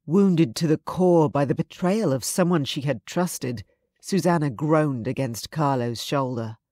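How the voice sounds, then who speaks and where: A woman's voice: low-pitched, unhurried, warm tone, dry recording. Female audiobook narrator, dry sound. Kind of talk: scripted narration.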